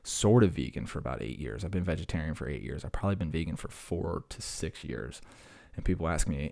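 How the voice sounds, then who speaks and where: A man's voice: low voice, sing-song, brisk, vocal fry, dark tone. A young man hosting a podcast, talking in a rambling, laid-back, self-mocking way. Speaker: podcast host. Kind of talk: rambling casual podcast chat.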